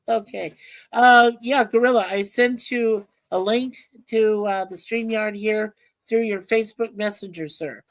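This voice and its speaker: A woman's voice: medium pitch, steady tone, slow, no echo. A woman co-hosting a casual livestream, laughing often and reading viewer comments aloud. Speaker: livestream co-host reading chat. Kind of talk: casual chat.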